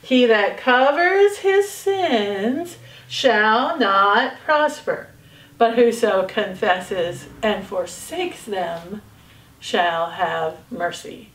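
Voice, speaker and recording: A woman's voice: mid-range voice, animated, drawn-out words, roomy sound. A woman teaching a children's Bible lesson with a puppet, patient and playful.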